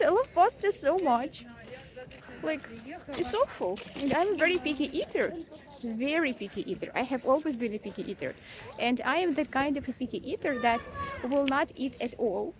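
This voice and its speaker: High-voiced young woman venting frankly. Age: young adult. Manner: frank, rambling, swears, self-mocking. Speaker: vlogger, mother. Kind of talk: casual confessional vlog.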